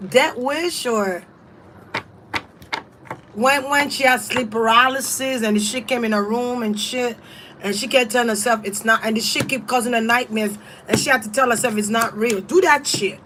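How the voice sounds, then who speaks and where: A woman's voice: fairly high pitch, normal speed, noisy background. A woman reading tarot and giving casual spiritual advice in a blunt, emphatic, profane way. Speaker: tarot reader.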